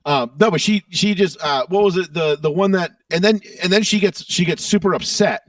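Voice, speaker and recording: A man's voice: high-pitched, a little fast, no room sound, far from the mic. A man co-hosting a casual political podcast, ranting with profanity and mockery. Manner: profane, mocking rant. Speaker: podcast co-host.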